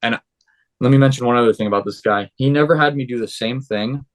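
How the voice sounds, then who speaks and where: A man's voice: medium pitch, fast. A young man, a podcast guest, casually recounting his story and acting out the lines of the people in it. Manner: animated, acts out quoted dialogue.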